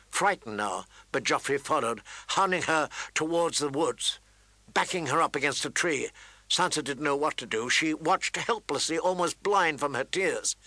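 A man reading a fantasy novel aloud in steady, dramatic storytelling narration. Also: on the high side, no echo. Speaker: audiobook narrator. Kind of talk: scripted narration.

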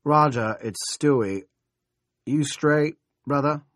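A man's voice: medium pitch, slow pace, fairly bright tone, dry recording, studio quality, voice pushed up. A man voicing a crude, menacing small-town bully who snarls out profane orders.

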